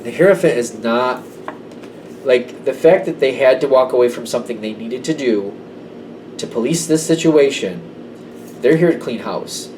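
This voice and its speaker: A man's voice: medium pitch, moderate pace, long pauses, darkish tone, far from the mic, a little hiss or hum, low-quality recording. A man giving a casual tarot reading to camera, conversational and emphatic. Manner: conversational, emphatic, slips into quoted voices. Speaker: tarot reader.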